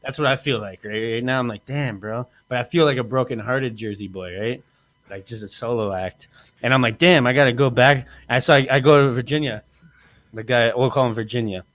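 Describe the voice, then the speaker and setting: There's no echo on this recording of a comedy podcast host, whose mid-range voice moves a little fast. His storytelling chat is boastful and animated, full of acted-out quotes and frequent laughter.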